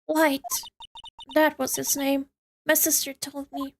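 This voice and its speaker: A woman's voice: high voice, level tone, takes it slowly, soft background music. A woman streamer giving casual, giggly commentary while playing a game, chatty and often correcting herself.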